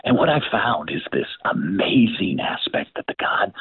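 Husky older man telling lively stories. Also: on the low side, moderate pace, few pauses, no echo. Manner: acts out the voices of people in his stories. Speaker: author and guest. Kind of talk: animated storytelling in an interview. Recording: tinny phone-like line.

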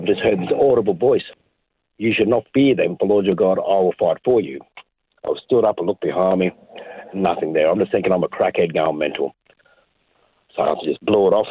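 A man's voice: very deep voice, slightly rough, no room sound. A man with an Australian accent telling his personal testimony in an interview, rambling through stories and acting out the dialogue. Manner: rambling storyteller, reenacts dialogue. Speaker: interview guest. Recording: tinny phone-like audio.

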